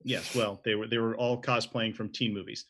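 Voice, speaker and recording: A middle-aged man from the southern United States, co-hosting a casual chat and telling a story with quick asides and self-corrections. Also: lowish voice, level tone, fairly bright tone. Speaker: co-host.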